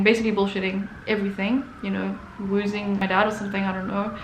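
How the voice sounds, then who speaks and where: A woman hosting her own channel, telling a story in a casual, animated way and acting out quotes. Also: mid-range voice, fast, reverberant, slight background noise, low-quality recording. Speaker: artist and channel host.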